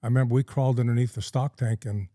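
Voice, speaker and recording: A man's voice: mid-range voice, steady tone, fast, dark tone, no room sound, studio quality. A middle-aged man from California, a podcast guest telling a long story in a folksy, rambling way with plenty of ums and uhs. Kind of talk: casual storytelling in a podcast interview.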